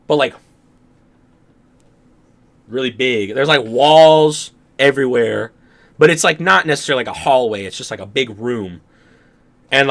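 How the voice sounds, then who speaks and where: In a casual podcast chat, a young male co-host rambles through a dream he had, laughing often and acting out his own reactions. His voice is mid-range and a bit bright.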